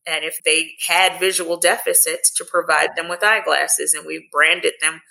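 Woman guest, earnest storyteller, gravelly bright tone, measured delivery. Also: deep voice, fairly even intonation, rough recording. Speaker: guest, sports team executive. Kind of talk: interview storytelling.

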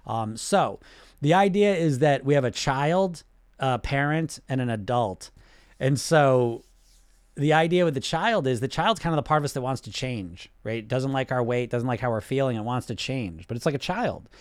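A man's voice: mid-range voice, lively intonation, moderate pace, clear, resonant tone, no echo, clean studio sound. A man coaching on weight loss in an instructional talk, conversational and often checking in with tag questions.

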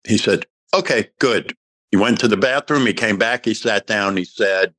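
Low-voiced older man telling a story. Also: moderate pace, no echo. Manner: animated storyteller acting out quoted dialogue. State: emotional. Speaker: guest actor. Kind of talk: storytelling in a podcast interview.

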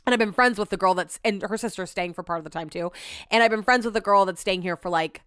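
A woman's voice: mid-range voice, fast talker, fairly bright tone, clear, resonant tone, dry recording, clean studio sound. A young adult woman hosting a podcast, telling rambling, self-deprecating stories with many asides. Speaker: podcast host. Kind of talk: casual chat.

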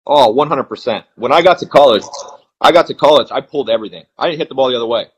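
A man in his forties, a retired ballplayer, telling blunt and animated stories as a podcast guest. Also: mid-range voice, husky, poor audio. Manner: blunt, animated, fast-flowing anecdotes. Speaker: retired baseball player, guest. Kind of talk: podcast interview storytelling.

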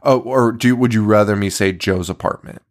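A man's voice: on the low side, moderate pace. A man co-hosting a casual horror movie podcast, laughing often and swearing freely as he recaps scenes. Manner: laughing, profane, animated. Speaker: podcast co-host.

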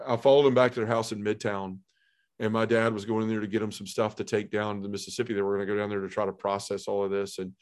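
A middle-aged man telling his own story as a podcast guest, earnest and heartfelt, with lots of "you know" and "man". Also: on the low side. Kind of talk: personal testimony in a podcast conversation.

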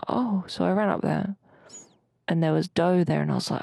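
A woman's voice: lowish voice, a little fast, vocal fry, dark tone, no echo. A young woman co-hosting a podcast, chatting casually as she recounts a dream in a rambling way. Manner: rambling, chatty storytelling with mild swearing. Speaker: podcast co-host.

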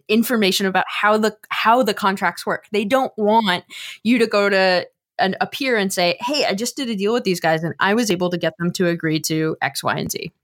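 A woman co-hosting a podcast, explaining contracts in a measured, blunt way. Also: mid-range voice, a bit bright. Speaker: co-host, contract writer. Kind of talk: casual podcast chat.

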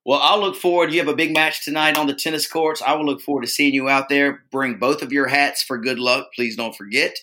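A man's voice: mid-range voice, steady tone, a little fast, few pauses, bright, forceful tone. A man co-hosting a casual podcast, joking around and rambling with plenty of fillers. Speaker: podcast co-host.

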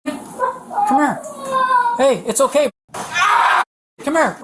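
A man's voice: very high-pitched, wildly swooping pitch, very slow, very noisy. A man, a sheriff's deputy, pleading urgently and repetitively with a suspect in a crisis negotiation, heard on body camera audio.

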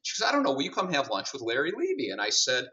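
A middle-aged executive on a podcast, talking through his career with lively storytelling. He plays out both sides of each conversation. His voice is bright and forceful, recorded a little off the mic with a dull, muffled sound. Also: medium pitch, fast talker, distant mic. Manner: animated storyteller, acts out dialogue. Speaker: guest, company CEO.

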